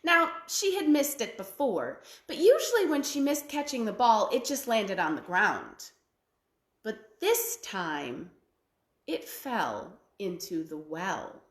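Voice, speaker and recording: A woman storyteller telling a fairy tale to children, with an expressive, drawn-out delivery. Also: a little high, roomy sound. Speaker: library storyteller.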